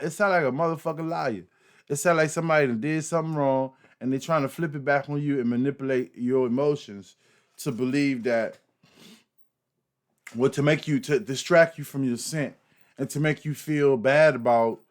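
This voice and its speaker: A man hosting a reaction commentary, talking emphatically with frequent repeats, fillers and swearing. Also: medium pitch. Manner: emphatic, repetitive, profane, fillers. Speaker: host.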